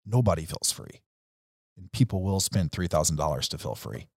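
A man with a very deep, husky voice makes his case in a casual podcast chat, punchy and persuasive. The sound is dry and close. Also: sing-song, normal speed, darkish tone, no room sound. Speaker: podcast co-host, coach.

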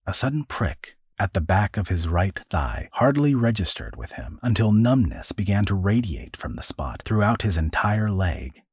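A man narrating a storybook adventure in a measured, storytelling voice. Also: low voice, very animated, darkish tone, slightly rough, dry recording. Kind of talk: audiobook narration.

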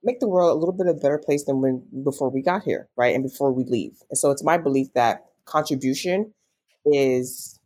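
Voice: mid-range voice, brisk, darkish tone. Earnest, reflective coaching guest. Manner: reflective, earnest, spiritual musing. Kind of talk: casual conversational interview.

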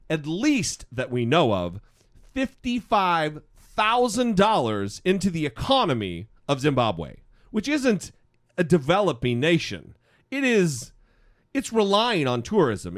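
A man's voice: fairly high pitch, unhurried. A man hosting a podcast, talking in a casual, opinionated, rambling way with many restarts. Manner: rambling, animated, restarts often. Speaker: podcast host.

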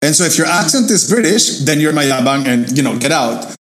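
Emphatic man with a higher voice. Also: lively intonation, fairly quick, a bit bright. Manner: emphatic, agreeable, many "you know" fillers. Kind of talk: casual discussion.

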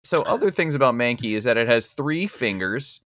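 A man's voice: medium pitch, expressive, brisk, fairly bright tone. A man co-hosting a podcast in casual chat, making dry, wry jokes. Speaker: podcast co-host.

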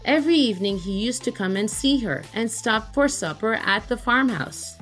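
A woman hosting a podcast, reading an old folk tale aloud in a lively storytelling manner. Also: fairly high pitch. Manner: lively read-aloud, lifting her voice for characters' cries. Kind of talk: storytelling narration.

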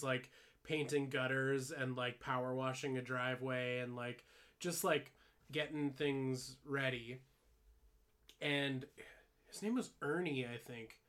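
A man's voice: medium pitch, a bit bright. A young man casually telling a long story on a podcast, rambling with many "like"s, swearing and laughing along the way. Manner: rambling, full of "like" fillers, laughs while telling stories, swears freely. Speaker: podcast co-host.

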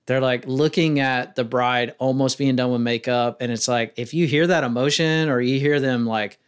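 A man's voice: medium pitch, moderate pace, clear, resonant tone. A man being interviewed on a podcast about wedding filmmaking, talking casually and acting out the questions he asks people. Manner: rambling, acts out quoted questions in a lively voice.

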